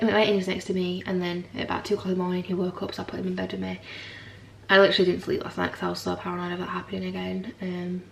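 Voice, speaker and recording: A woman's voice: mid-range voice, vocal fry, reverberant, distant mic, a little hiss or hum. A young mother vlogging in a frank, rambling chat to camera, tired and swearing now and then. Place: home.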